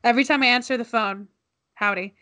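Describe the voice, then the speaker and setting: A woman's voice: on the high side, normal speed, sharp tone. A young woman co-hosting a podcast in casual chat, rambling with restarts and laughing often. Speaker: podcast co-host.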